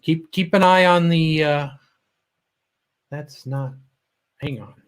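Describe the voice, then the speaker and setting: A man with a slightly high voice hosts a casual livestream and greets his viewers by name. He rambles and trails off mid-sentence, a little choked up and fond of his audience. It sounds like he is talking into a computer mic. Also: slow pace, smooth. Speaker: livestream host. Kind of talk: casual live-stream chat greeting viewers.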